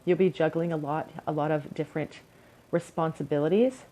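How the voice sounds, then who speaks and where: A woman's voice: low voice, fairly even intonation, a little fast, warm tone, rough recording. A young woman giving an encouraging, earnest pick-a-card tarot reading to her viewers. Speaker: tarot reader.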